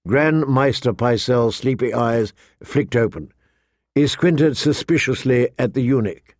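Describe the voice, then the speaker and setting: Reading scripted narration for an audiobook, a mid-range male voice keeps an even, measured storytelling pace. The audio is studio quality with no echo.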